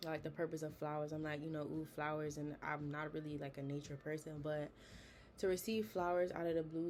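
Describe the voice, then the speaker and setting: A woman's voice: low voice, a little mellow, a little hiss or hum. A young woman hosting a podcast, chatting in a casual, earnest and encouraging way, with frequent fillers. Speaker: podcast host. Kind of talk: casual motivational talk.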